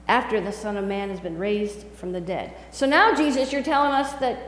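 A woman pastor preaching a sermon in a conversational, animated storytelling way. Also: high voice, echoey room, big-room sound, poor audio. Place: church sanctuary.

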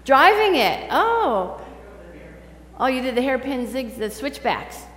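A woman's voice: high-pitched, sing-song, slow pace. Chatty woman preaching in an echoey church. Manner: chatty, quizzes the congregation directly. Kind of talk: scripture reading and conversational sermon. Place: large church sanctuary. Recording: echoey hall with faint hum.

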